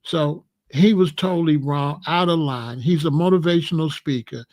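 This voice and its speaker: His voice a little high with a darkish tone, this man hosts a reaction commentary at normal speed. He argues argumentatively, stacking one rhetorical question on another.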